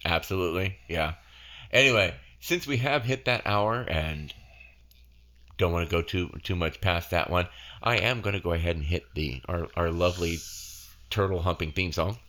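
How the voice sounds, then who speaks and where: A man's voice: low voice, moderate pace, bright, forceful tone. A man hosting a podcast in casual chat, laughing easily and rambling with restarts and fillers. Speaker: podcast host. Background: theme music.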